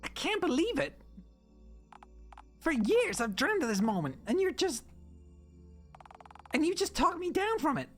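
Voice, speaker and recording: A rough country hick man holding a gun, excitable and folksy, as a woman puts him on. The voice sits high and lively for a game character. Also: measured pace, long pauses, soft background music. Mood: worked up.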